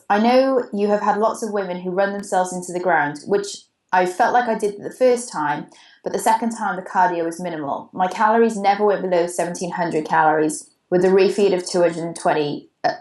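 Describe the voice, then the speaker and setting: A woman's voice: lowish voice, normal speed, a little mellow, echoey room, poor audio. A Welsh woman co-hosting a podcast, chatting casually and reading out a listener's question, with a digressive manner. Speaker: podcast co-host.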